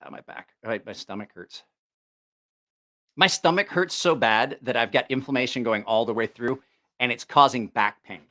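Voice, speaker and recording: A man hosting a casual livestream and chatting with viewers in a rambling, halting way. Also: mid-range voice, bright, forceful tone. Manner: rambling, halting, with restarts and swearing. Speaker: livestream host.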